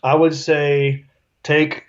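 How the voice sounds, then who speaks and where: A middle-aged man, a comedian, telling stories on a video call in a relaxed, joking way. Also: a little high, very slow. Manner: laid-back, jokey storytelling with put-on voices. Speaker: guest comedian. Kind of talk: casual video-call interview. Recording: dull lo-fi call audio.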